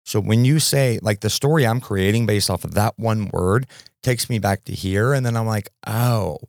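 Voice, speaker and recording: A middle-aged man hosting a podcast, telling stories in a loose, animated way with frequent fillers and repeats. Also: on the low side, moderate pace, gravelly, no echo, clean studio sound. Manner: animated storyteller with fillers and repetitions. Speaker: podcast host. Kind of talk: casual interview conversation.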